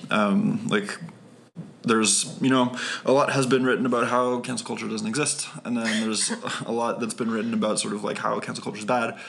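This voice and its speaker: A man co-hosting a podcast in casual conversation, with a low-key, unexcited delivery. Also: level tone, normal speed, creaky, a bit bright, a little hiss or hum. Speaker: podcast co-host.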